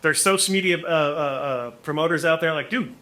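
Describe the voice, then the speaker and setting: Male podcast guest, forties, animated storyteller; bright, forceful tone. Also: a little high, fairly quick. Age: 40s. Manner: animated, acts out quotes, many restarts. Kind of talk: casual storytelling.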